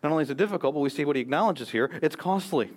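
A man's voice: a little high, expressive, racing. An American man preaching a sermon as pastor, earnest and emphatic, quoting scripture and speeches.

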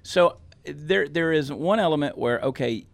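A man's voice: a little high, a little slow, gravelly, dry recording. A man co-hosting a podcast, chatting in a folksy, joking way with frequent restarts. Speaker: podcast co-host. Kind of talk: casual chat.

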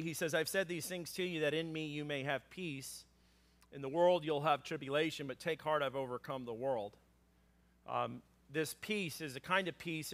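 A man preaching a sermon as pastor, conversational and animated, with frequent fillers and acted-out lines for scripture characters. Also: on the high side. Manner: acts out scripture characters in a raised voice.

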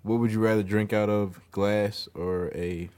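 An easygoing man hosting a podcast, with a very deep, low-pitched voice. He talks casually and fills gaps with little fillers. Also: fairly even intonation, measured pace, darkish tone. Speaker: podcast host. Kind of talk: casual chat.

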